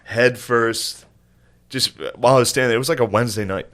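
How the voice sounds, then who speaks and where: A man in his thirties co-hosts a podcast, trading stories in a loose, laid-back chat. His voice sits at an ordinary middle pitch, and he swears and laughs freely as he talks. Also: fairly even intonation, brisk, a bit bright. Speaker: podcast co-host. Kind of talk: casual chat.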